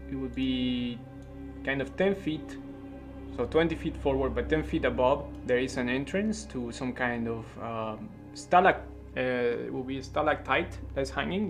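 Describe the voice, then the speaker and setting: Brief: man game master, slow hesitant narration, faint music bed. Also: medium pitch. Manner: slow, halting narration with many fillers.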